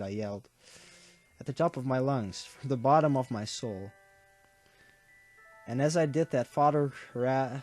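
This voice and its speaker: A man's voice: medium pitch, a little mellow. A young man reading a visual novel aloud, tearful, his voice breaking as he narrates earnestly. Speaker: gaming YouTuber.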